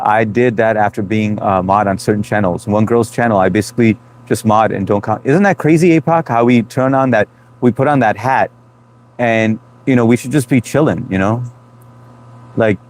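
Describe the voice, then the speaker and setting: Stream host, man, thirties, low-pitched, loose friendly chat. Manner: loose and chatty, greets viewers by name. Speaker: livestream host reading chat. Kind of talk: casual live chat.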